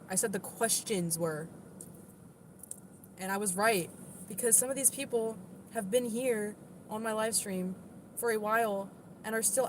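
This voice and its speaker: A woman's voice: mid-range voice, noisy background. A young woman from the southern United States, chatting casually on a live stream in a blunt, defensive way and saying "like" often. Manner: blunt, defensive, says "like" a lot. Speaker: livestreamer.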